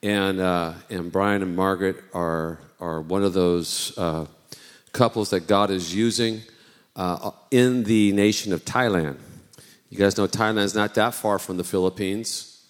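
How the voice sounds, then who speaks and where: A man's voice: deep voice, fairly even intonation, a little slow. A man, the host pastor, introducing a guest with many fillers and restarts, full of enthusiasm. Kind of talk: sermon introduction. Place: church sanctuary. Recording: long reverb of a large hall.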